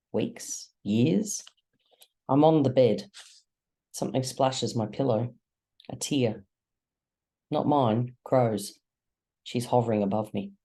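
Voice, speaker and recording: A reader narrating a first-person novel chapter slowly, with measured dramatic pauses. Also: mid-range voice, warm tone. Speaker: audiobook narrator.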